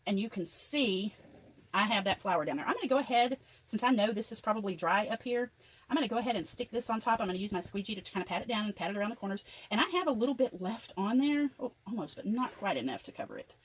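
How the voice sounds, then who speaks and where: A woman's voice: mid-range voice, expressive, quick pace, slightly rough, rough recording. An older woman chattily narrating each step of a craft tutorial as she works. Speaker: craft vlogger.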